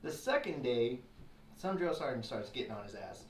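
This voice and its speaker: A man's voice: medium pitch, moderate pace, far from the mic. A man casually telling a long story to friends, acting out the voices of the people in it. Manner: animated, acts out quoted voices. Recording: echoey room heard from afar with noise.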